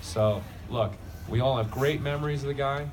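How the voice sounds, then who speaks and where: A man's voice: mid-range voice, moderate pace. A man giving a rambling, heartfelt eulogy to a crowd at a memorial gathering, talking bluntly and casually. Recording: distant mic with noisy ambience.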